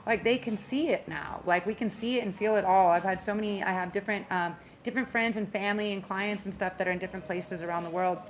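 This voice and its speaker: A woman's voice: medium pitch, fairly even intonation, fast talker, few pauses, a little hiss or hum. A woman with a slight Southern drawl giving a casual spiritual tarot reading, chatty and emphatic, repeating phrases and stumbling when she speeds up. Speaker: tarot reader.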